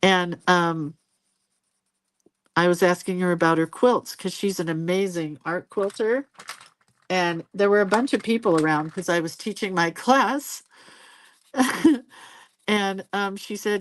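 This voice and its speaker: A chatty woman in her sixties talks casually while she paints on a live stream, laughing often and hopping from one story to the next. Her voice sits a little low. The sound is close and dry, with no room echo. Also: a little slow, pauses often. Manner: chatty, laughs often, jumps between stories and viewer comments. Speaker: host of a live drawing stream.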